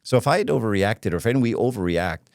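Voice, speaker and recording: A man's voice: fairly low pitch, animated, fast talker, a little mellow, no echo, clean studio sound. A middle-aged man, a clergyman, in casual podcast conversation, telling stories and acting out quotes with lots of restarts. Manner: storytelling, acts out quotes, many restarts. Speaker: archdeacon and podcast guest.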